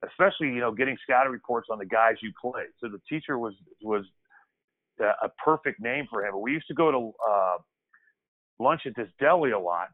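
This man's mid-range voice comes through a thin line that sounds like a phone. As a guest in a casual storytelling interview, the former pro basketball player spins relaxed tales from his playing days, circling back on himself mid-sentence and often dropping the word "kid."

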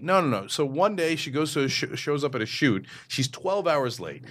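A middle-aged man telling stories in a casual interview, animated, slipping into funny voices now and then. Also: medium pitch, moderate pace. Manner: animated storyteller who slips into funny voices. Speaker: media company founder and show host, as guest.

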